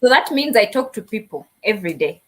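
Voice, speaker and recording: A woman's voice: medium pitch, sing-song, fairly quick. A young woman from Africa chatting as a guest, telling funny stories and acting out quoted dialogue. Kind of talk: casual interview chat.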